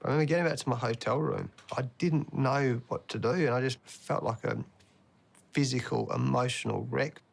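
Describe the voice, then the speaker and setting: A man's voice: mid-range voice, moderate pace, creaky, echoey room. A man, a cricket coach talking frankly in a documentary interview and team talk. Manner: blunt, frank storytelling. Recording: distant mic.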